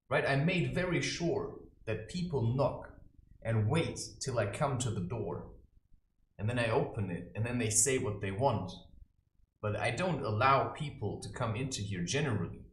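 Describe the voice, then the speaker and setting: A man's voice: mid-range voice, slight background noise. A man giving a preachy, theatrical, mocking satirical monologue to camera from his own room. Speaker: self-styled spiritual advisor. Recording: roomy echo.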